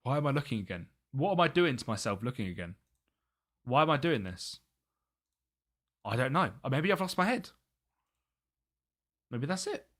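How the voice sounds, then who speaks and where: A man's voice: mid-range voice, very animated, moderate pace, long pauses, fairly bright tone. A young British man chatting casually on a live gaming stream, muttering to himself and laughing often.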